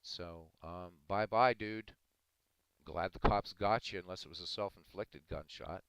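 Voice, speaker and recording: Deep-voiced man arguing with chat. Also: a little slow, fairly bright tone, clean tone, poor audio. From Ireland. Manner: argumentative, talking back to chat. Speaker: live streamer reading chat. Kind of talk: casual livestream chat.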